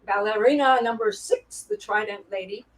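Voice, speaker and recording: Woman reminiscing about stage life, lively, often laughing, pitched a little high. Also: normal speed, low-quality recording. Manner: animated anecdote-telling, laughs often. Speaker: guest, Broadway performer. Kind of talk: casual storytelling interview. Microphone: video call.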